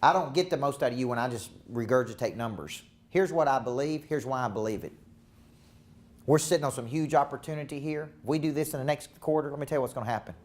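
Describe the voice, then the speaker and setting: A man's voice: mid-range voice, fast talker, a little mellow. Emphatic male business coach at a seminar. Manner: emphatic, repetitive, rallying. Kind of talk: live motivational seminar talk.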